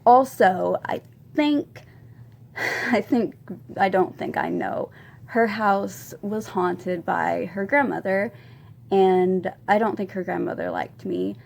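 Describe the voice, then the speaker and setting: A woman in her twenties telling a confessional story as a vlogger, rambling with many ums and soft laughs. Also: medium pitch, slow. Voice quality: gravelly vocal fry. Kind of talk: storytime vlog.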